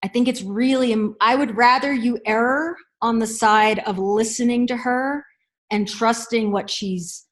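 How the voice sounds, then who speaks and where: A woman parenting coach answering listener questions in a measured, reflective way, with thoughtful pauses. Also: a little high, steady tone. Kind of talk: unscripted advice talk.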